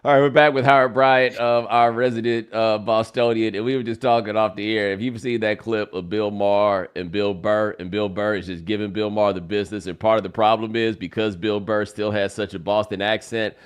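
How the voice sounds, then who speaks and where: A man hosting a sports talk podcast, chatting with a guest in an animated, emphatic way and laughing often. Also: fairly low pitch, a little fast, hardly any pauses, clear, resonant tone. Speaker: podcast host. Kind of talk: casual sports chat.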